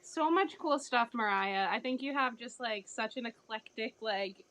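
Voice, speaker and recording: A woman's voice: on the high side, moderate pace, fairly bright tone, poor audio. A young woman hosting a casual interview on a video call, gushing and enthusiastic. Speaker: host.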